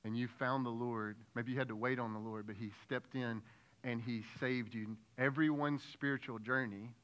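A man's voice: mid-range voice, fairly even intonation, normal speed, clean tone, lo-fi sound. A man preaching a sermon as lead pastor, talking conversationally, asking the congregation questions and acting out prayers.

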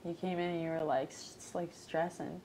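A woman's voice: fairly low pitch, fairly even intonation, normal speed, mellow, a little hiss or hum, poor audio. A woman, a reality show contestant, chatting casually in a blunt, slangy way. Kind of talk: casual chat.

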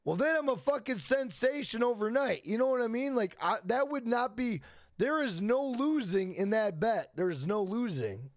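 A man's voice: very high voice, lively intonation, normal speed, dry recording. A young man streaming a game, chatting loosely with profanity, repeating himself and reading chat questions aloud. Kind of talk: casual live stream chat.

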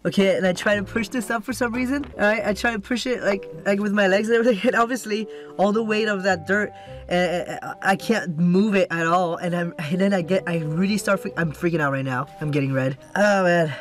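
A man's voice: high-pitched, fairly even intonation, normal speed, faint music behind. A young man vlogging anxiously from a box buried underground, sighing and talking to the camera. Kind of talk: casual vlog talk.

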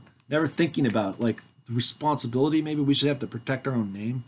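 A man in his forties reads legal paperwork aloud to his viewers, stopping to call out every comma, parenthesis and bold heading. His voice sits in a middle pitch. He breaks off now and then to talk straight to his audience. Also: fast talker, husky. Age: 40s. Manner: reads word by word, calling out punctuation, with asides to the audience. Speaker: vlogger reading his legal documents aloud.

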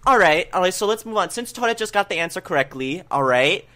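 A man's voice: sits high, lively intonation, quick pace, sharp tone. A man hosting a casual podcast quiz game, often laughing and breaking composure while reading questions.

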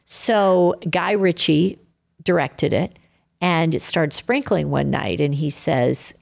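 Older woman guest, low gravelly voice, animated storyteller who acts out quotes. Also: takes it slowly. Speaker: podcast guest. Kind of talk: faith-filled storytelling interview.

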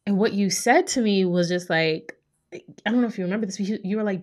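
Animated young woman podcast host. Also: medium pitch, fast talker. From New York. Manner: animated storyteller, frequent "like" and "right?". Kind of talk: casual chat.

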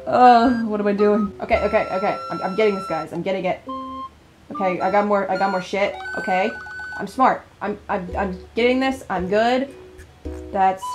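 A young woman doing let's play commentary on a horror visual novel. She jumps easily, laughs often and talks back to the characters. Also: mid-range voice.

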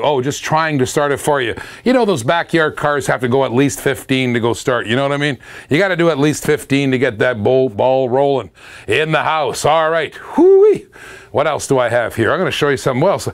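A middle-aged man hosting a live-stream auction, upbeat and chatty, hyping each lot and humming little scat tunes between bids. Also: a little high. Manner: upbeat, hypes items, hums and scats between lots.

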